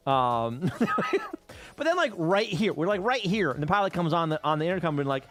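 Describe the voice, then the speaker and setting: Animated, profane man chatting on stream. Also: fairly high pitch, a little fast, faint music behind. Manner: profane, rambling travel storytelling. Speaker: livestreamer. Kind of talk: casual chat with stream viewers.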